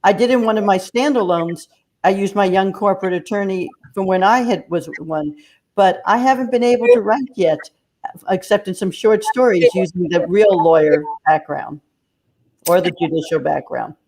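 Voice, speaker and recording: A woman's voice: mid-range voice, normal speed, darkish tone. A woman speaking as an author on a video-call panel, with a dry, wry manner. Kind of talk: casual panel discussion.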